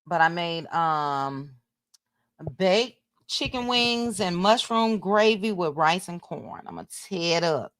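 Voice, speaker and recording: Woman livestream host, casual chatty delivery, slow pace, dry close sound. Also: fairly low pitch, expressive, no echo. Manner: chatty, reads out loud while talking to viewers.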